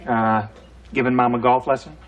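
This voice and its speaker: A man's voice: medium pitch, moderate pace, muffled recording, natural voice. An actor playing a playful, flirty middle-aged father and robot inventor in a studio sitcom. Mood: cheerful. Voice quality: lively, teasing delivery. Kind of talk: 1980s studio sitcom acting.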